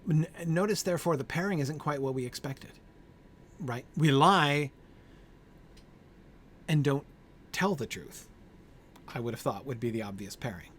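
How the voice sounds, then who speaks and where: A man's voice: mid-range voice, animated, a little slow, long pauses, breathy edge. A man leading an informal Bible study group. He thinks aloud with many fillers, keeps checking in with "right?", and answers group members by name.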